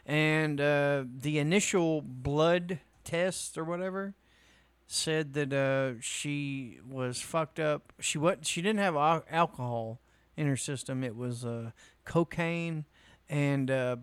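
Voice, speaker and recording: A man's voice: a little high, slow, clean tone, dry recording. A man in casual podcast chat, blunt and sardonic, swearing freely. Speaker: podcast co-host.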